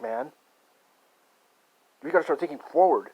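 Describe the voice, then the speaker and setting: A man in a rambling, profane conspiracy rant that swings from muttering to shouting. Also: fairly high pitch, expressive, normal speed, long pauses, slightly rough. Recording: dull lo-fi recording.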